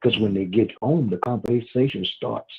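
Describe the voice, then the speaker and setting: Over a phone line, a male guest on casual radio talk rambles in a folksy way and repeats words. His voice is lowish, gravelly and breathy-edged, at a normal speed.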